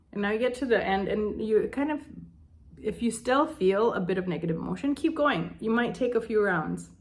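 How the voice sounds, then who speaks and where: A young woman life coach leads an emotional tapping lesson. Her voice sits in an ordinary middle range. She talks gently and voices sample phrases with soft sighs. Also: medium pitch, animated, moderate pace. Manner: gentle, speaks example phrases aloud with sighs. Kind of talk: instructional tapping demonstration.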